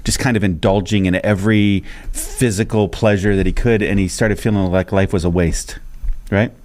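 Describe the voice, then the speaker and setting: A man's voice: fairly low pitch, fairly even intonation, darkish tone. A man co-hosting a faith podcast in casual chat, upbeat and encouraging. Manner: upbeat, quick to laugh, encouraging. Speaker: podcast co-host.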